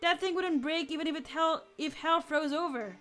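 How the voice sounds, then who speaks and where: Brief: a woman reading a loud, bossy male captain, bright and high, game music under. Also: normal speed. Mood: angry shouting. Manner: barking, cursing, bossy. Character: gruff middle-aged male rocket captain, short-tempered.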